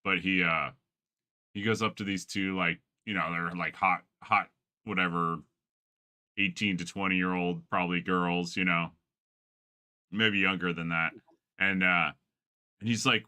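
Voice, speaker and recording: A man's voice: low-pitched, steady tone, measured pace, bright, forceful tone, no echo, studio quality. A man streaming a game, chatting casually with friends in a rambling, profane way and laughing often. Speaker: gaming streamer. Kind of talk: casual chat while gaming.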